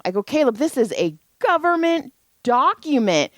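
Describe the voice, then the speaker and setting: A woman in her forties telling a profane, animated story on a casual podcast, speaking as a parent. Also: on the high side, moderate pace, dry recording. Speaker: podcast co-host.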